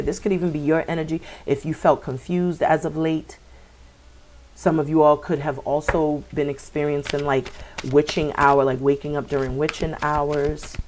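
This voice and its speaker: Low-voiced woman giving a tarot reading. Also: darkish tone, slight background noise. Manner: meandering, repeats words, many fillers. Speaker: tarot reader. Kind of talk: spiritual reading for viewers.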